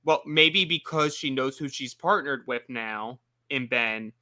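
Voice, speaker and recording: A man's voice: medium pitch, a little slow, sharp tone. A man co-hosting a casual recap show, rambling with lots of filler words. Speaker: after-show co-host.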